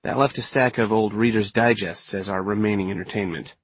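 A man reading a first-person story aloud in a steady, measured way. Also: lowish voice, breathy edge. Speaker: audiobook narrator. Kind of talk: first-person scripted narration.

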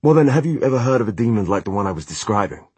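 A man voicing an earnest young male shadow hunter who speaks quietly and insistently, in an audiobook reading. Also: sits low, unhurried, breathy edge, no room sound, heavily acted. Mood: desperate.

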